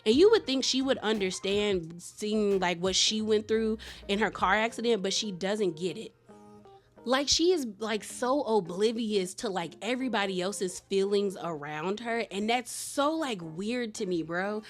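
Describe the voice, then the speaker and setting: A woman's voice: mid-range voice, measured pace. A woman recapping a reality show in casual, opinionated commentary, filling her talk with "like" and slang. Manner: chatty, opinionated, heavy use of "like" and slang. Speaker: TV show reviewer.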